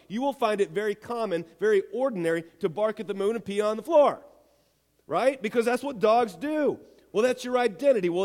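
A male pastor with a high, slightly mellow voice preaches a sermon and reads scripture. He speaks emphatically, repeating phrases and throwing rhetorical questions at the congregation. The recording carries a long hall reverb.

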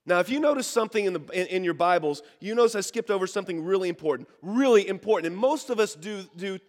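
A man's voice: high voice, lively intonation, fast, big-room sound. A male pastor preaching a sermon, telling stories, acting out the people he quotes and calling on the congregation to respond. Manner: storytelling, acts out the people he quotes.

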